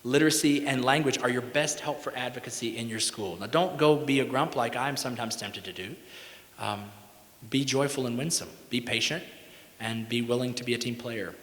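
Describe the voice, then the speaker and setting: A man's voice: medium pitch, normal speed, fairly bright tone. A man giving a conference talk on music teaching, folksy and emphatic, often checking in with "right?". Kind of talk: conference lecture with sung examples. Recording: echoey hall with long reverb.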